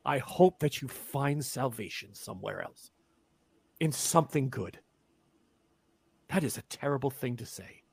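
A man's voice: medium pitch, unhurried, gravelly, long pauses, slightly rough, no echo, voice pushed down, heavily acted. A man voicing a pushy, chatty traveling tinker who rambles and talks up his wares. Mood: scandalized. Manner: eager salesman, rambling and excitable.

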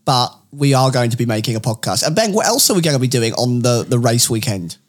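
A man's voice: mid-range voice, expressive, fast talker. Jokey man bantering on a podcast. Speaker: podcast co-host.

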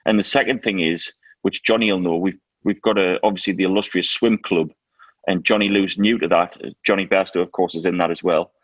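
A man co-hosting a casual chat, telling lively stories and laughing often. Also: sits low, fairly quick, no echo, muffled recording. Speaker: co-host.

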